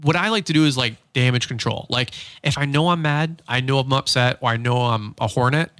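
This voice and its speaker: A man's voice: medium pitch, a little fast, a bit bright, no echo. A man co-hosting a casual business podcast, rambling and joking, with frequent laughs. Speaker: podcast co-host.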